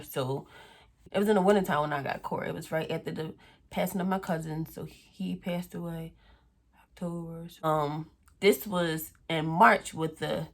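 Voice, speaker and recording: A young woman telling a storytime on her vlog in a casual, animated way, acting out what people said. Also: low-pitched. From Philadelphia area. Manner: animated, acts out quoted voices, swears freely. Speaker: vlogger.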